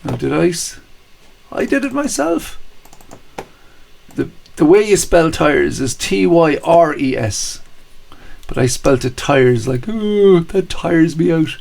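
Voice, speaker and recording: A man hosts a live-streamed quiz for children, chatty and cheerful, with playful jokes between the answers. His voice sits slightly high and has a gravelly, creaky edge. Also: expressive, slow, pauses often, darkish tone. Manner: chatty, cheerful, jokey asides to young viewers. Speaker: quiz host.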